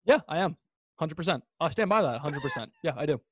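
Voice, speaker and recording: A man's voice: on the high side, expressive, fast, a bit bright, husky, no room sound. A man co-hosting a sports podcast in casual chat, emphatic and ranting, repeating his points for effect. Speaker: podcast co-host.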